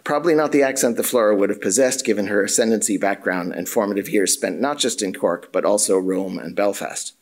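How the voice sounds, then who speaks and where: A man, a drama and theatre studies lecturer, reading an academic paper aloud in a measured, formal way with occasional dry asides. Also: on the low side.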